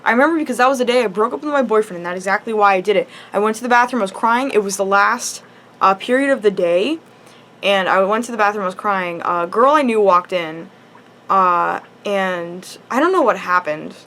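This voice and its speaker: A woman's voice: mid-range voice, brisk, fairly bright tone. Chatty rambling teenage girl. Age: teens. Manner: rambling, chatty, full of "like" and restarts. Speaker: high school student. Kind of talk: casual storytelling vlog.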